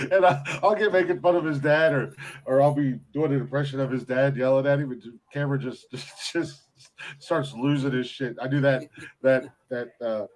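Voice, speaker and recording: A man's voice: mid-range voice, fairly even intonation, normal speed, a little mellow. A man co-hosting a podcast, teasing his friends in casual banter, laughing often and tripping over repeated words. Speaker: podcast co-host.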